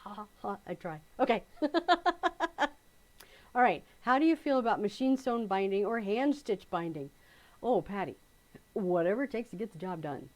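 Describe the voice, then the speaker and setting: A woman's voice: mid-range voice, animated, a little fast, darkish tone. A middle-aged woman teaching quilting, chatting casually on a live stream, telling stories with frequent laughter and reading out viewer comments. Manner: chatty storyteller, laughs often, reads out comments.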